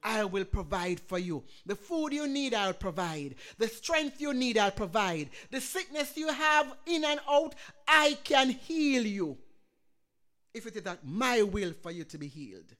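A woman pastor preaching a sermon with passion, swinging between loud calls and hushed prayer. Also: a little high, sing-song, unhurried.

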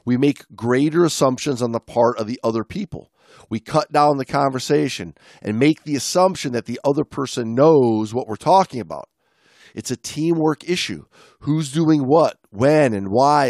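A man's voice: mid-range voice, normal speed, dry recording, studio quality. A man co-hosting a podcast, chatting casually while reading from an article, with restarts and jokes. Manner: relaxed, stumbling restarts, joking. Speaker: podcast co-host.

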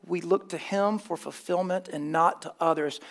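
A man's voice: on the high side, fairly even intonation, moderate pace, creaky. A man preaching a sermon, emphatic and dryly scornful, mixing plain teaching with wry asides. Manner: emphatic, scornful of false teaching, dry humor.

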